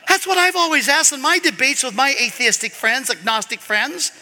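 A man preaching a sermon as pastor, animated, swinging from loud emphasis to quiet asides. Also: very high voice, moderate pace, hardly any pauses. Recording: long hall reverb.

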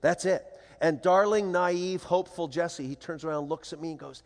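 An older man giving a humorous storytelling talk to an audience, playful and animated, acting out the voices of the people in his stories. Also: fairly high pitch, moderate pace. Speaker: speaker. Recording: long hall reverb.

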